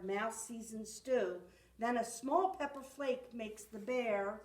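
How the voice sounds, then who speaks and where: A woman reading a rhyming picture book aloud at a library storytime with rhythmic expression. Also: fairly high pitch. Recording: echoey room, far from mic.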